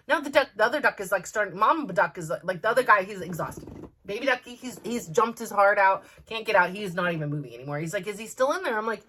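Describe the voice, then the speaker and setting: A woman's voice: medium pitch, quick pace. A middle-aged woman, telling a story casually and acting out voices as a podcast host. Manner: animated, acts out voices, many fillers.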